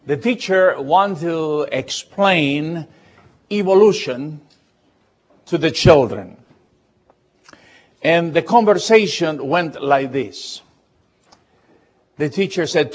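Slow, husky-voiced preacher. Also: male voice, fairly high pitch, animated, muffled recording. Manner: slow, halting delivery with fillers and repeats. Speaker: pastor. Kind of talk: sermon.

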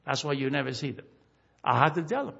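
Emphatic pastor with a bright, husky voice. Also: male voice, medium pitch, very animated, dull audio. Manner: slow emphatic scripture reading, many fillers and restarts. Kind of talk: sermon.

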